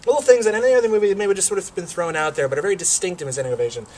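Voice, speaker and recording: A man's voice: high voice, rapid-fire, a little mellow. A man hosting an interview, asking eager, enthusiastic questions. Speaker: interview host. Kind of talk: casual interview.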